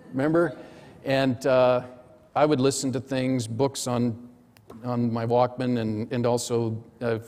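A middle-aged man preaching a sermon, telling a personal story in short, measured phrases. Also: mid-range voice, a little mellow. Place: church sanctuary. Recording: church hall reverb.

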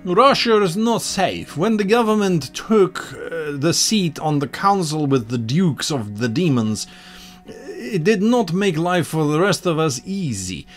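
Man playing a weary ex-warrior, high and grave. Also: big pitch swings, unhurried, soft background music.

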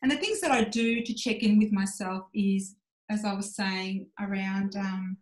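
In a roomy space with noticeable echo, a woman in her forties shares her story frankly as a podcast guest, acting out her inner voice along the way. She speaks unhurriedly in a mid-range, steady tone, reflecting as she goes.

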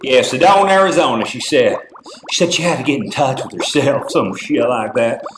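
A man's voice: medium pitch, lively intonation, moderate pace, lightly acted. A man playing a crude, boisterous, nosy middle-aged tourist who keeps firing off small-talk questions. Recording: echoey with loud noise.

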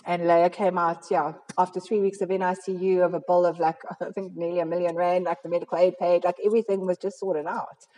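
A woman's voice: fairly low pitch, flat delivery, fairly quick, few pauses, mellow. A South African woman giving an earnest, rambling personal testimony to a recovery fellowship, with many fillers. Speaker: recovery fellowship member sharing. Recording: long hall reverb.

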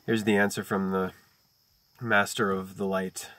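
Low-voiced man musing over wordplay. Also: flat delivery, fairly bright tone, dry recording. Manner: slow, deliberate wordplay and chant-like lists. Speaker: video host reading a book aloud. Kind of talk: reading aloud mixed with free-associating musings.

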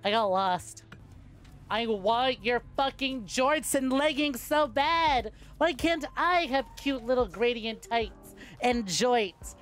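A young adult woman streaming a game, giving crude, playful, excitable commentary. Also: fairly high pitch, slow pace. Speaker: VTuber streamer. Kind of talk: casual gameplay commentary.

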